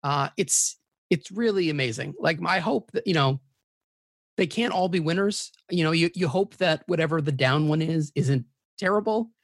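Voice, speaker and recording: A man talks as a guest in a casual podcast chat, with a slightly high voice. He rambles eagerly and corrects himself mid-sentence. The recording is dry and close. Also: lively intonation, normal speed, no echo.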